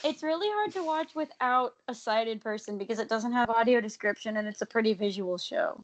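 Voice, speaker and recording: A young woman guest on a podcast who talks loudly and tells stories with animation in casual chat. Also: on the high side, brisk. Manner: loud, animated storyteller.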